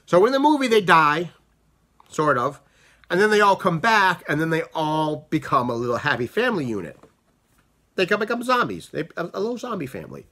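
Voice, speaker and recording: A man talks through a casual film review in a bright, ringing voice that sits a little high. His delivery is animated, with pitch swinging widely. He often circles back and restarts his sentences. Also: brisk. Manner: animated, rambling with frequent restarts. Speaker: book and movie reviewer.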